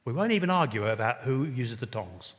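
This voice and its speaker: A man preaching a sermon in an animated way, telling stories and rising suddenly into loud exclamations. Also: medium pitch, a little fast. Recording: long reverb of a large hall.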